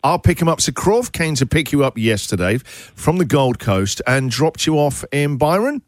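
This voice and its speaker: A man's voice: on the high side, sing-song, no echo. Male breakfast radio host, playful and mocking, dry studio mic. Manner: teasing, quick comic asides. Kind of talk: joking radio banter.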